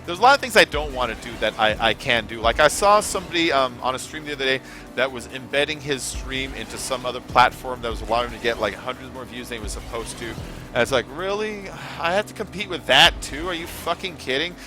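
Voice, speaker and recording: Speaking fast in a mid-range voice, a man rambles through casual chat on his live gaming stream. He swears from time to time, and music plays behind him.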